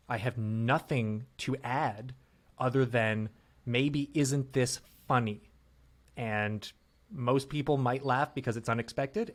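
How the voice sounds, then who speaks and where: A man co-hosting a podcast about improv, explaining his view in a relaxed, measured, conversational way. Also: medium pitch. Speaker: podcast co-host, improv performer. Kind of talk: casual podcast discussion.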